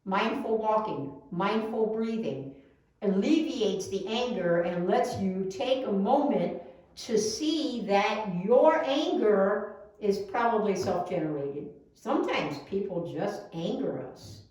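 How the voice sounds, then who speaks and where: A woman leading a non-religious service, giving slow, soothing guidance with emphatic repetition. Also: mid-range voice, animated, darkish tone. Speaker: service leader. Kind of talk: sermon on mindful walking. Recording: echoey room, distant mic.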